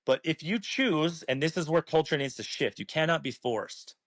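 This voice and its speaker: A man's voice: fairly high pitch, lively intonation, normal speed, fairly bright tone, no echo. A man talking as an interview guest, earnest and emphatic, swearing freely as he makes his case. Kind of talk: passionate casual talk.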